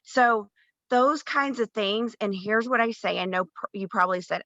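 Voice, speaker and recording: A woman's voice: mid-range voice, moderate pace, fairly bright tone, no room sound, lo-fi sound. A woman co-hosting a round-table chat, talking in a chatty, encouraging, self-deprecating way. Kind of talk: casual chat.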